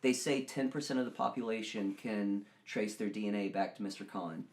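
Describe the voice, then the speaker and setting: A man hosting a podcast, chatting casually and joking, with sudden loud bursts of laughter and excitement. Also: lowish voice, fairly quick. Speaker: podcast host. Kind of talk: casual chat.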